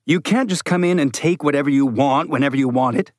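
A man voicing an indignant, pompous male science lead who protests in a shrill, insistent voice. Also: quick pace, dry recording, clean studio sound, lightly acted. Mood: officious.

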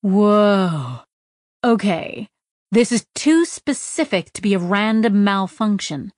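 A woman's voice: mid-range voice, animated, takes it slowly, darkish tone, dry recording. A puzzled young artificial woman working out a glitch, as the reader voices her. Her voice is slightly raised and musing, recorded close and dry.

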